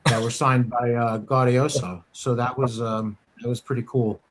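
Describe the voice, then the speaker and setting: American guy chatting on a coin podcast, lots of ums and restarts, average pitch. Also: fairly even intonation, moderate pace, a little hiss or hum. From United States. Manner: rambling, many fillers and restarts. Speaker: coin dealer podcast host. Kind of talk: casual shop talk podcast.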